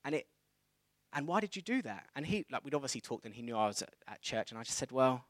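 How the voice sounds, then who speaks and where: A man in his thirties preaching a sermon, telling a personal story in a conversational, animated way. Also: medium pitch, fast, no room sound. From England.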